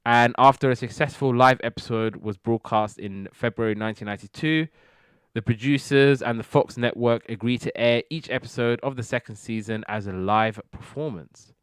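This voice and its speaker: A man's voice: medium pitch, normal speed, smooth, dry recording. A British man hosting a casual TV review podcast, enthusiastic and rambling with repeated words. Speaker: podcast host.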